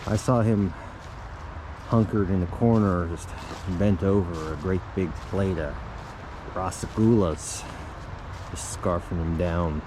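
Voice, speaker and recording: Slow, low-voiced deadpan man. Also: background noise. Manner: rambling, halting, with restarts. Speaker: storyteller. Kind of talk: deadpan comic tall tale.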